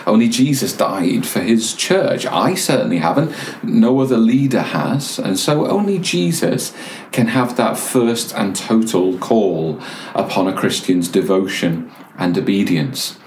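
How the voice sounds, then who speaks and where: Low-voiced pastor preaching. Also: male voice, a little mellow, echoey room, slight background noise. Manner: measured preaching with pauses and repeated words. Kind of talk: sermon.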